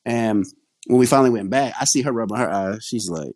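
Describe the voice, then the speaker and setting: A man's voice: mid-range voice, moderate pace, darkish tone, no echo. A man chatting casually on a podcast, chiming in and retelling a story with laughs. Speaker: podcast co-host. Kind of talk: casual chat.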